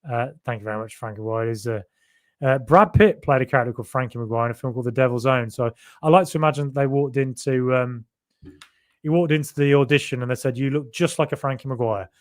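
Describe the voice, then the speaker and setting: A man from Birmingham, England, speaking fast with a medium-pitched voice and a Brummie accent, hosts a casual live-stream podcast. He chats loosely and rambles, full of fillers and asides, while reading out viewer comments.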